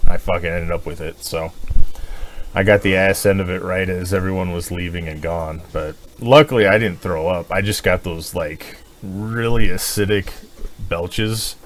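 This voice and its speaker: Deep-voiced man telling a crude story. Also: moderate pace, slight background noise. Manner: crude, animated storytelling with swearing and laughter. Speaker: podcast co-host. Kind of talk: casual chat.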